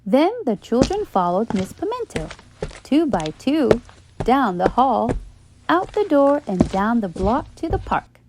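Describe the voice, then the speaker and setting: A woman reading a children's bedtime story aloud in a slow, expressive way. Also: a little high, noisy background.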